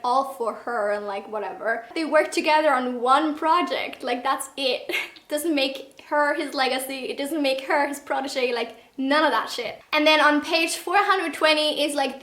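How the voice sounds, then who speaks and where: A woman's voice: high-pitched, a bit bright, echoey room. A young woman giving a casual, sarcastic book rant, mocking characters and swearing freely. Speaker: book reviewer.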